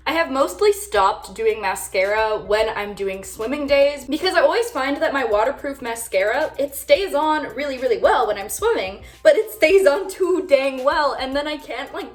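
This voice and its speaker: Bubbly young woman chatting, roomy room. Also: high voice. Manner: bubbly, chatty, frequent "like" fillers. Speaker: vlogger. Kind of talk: casual get-ready-with-me chat.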